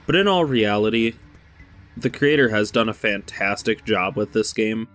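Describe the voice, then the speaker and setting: A man's voice: on the low side, moderate pace, a bit bright, faint music behind. A man co-hosting a casual gaming video, laid-back and teasing, laughing often. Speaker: co-host playing a video game.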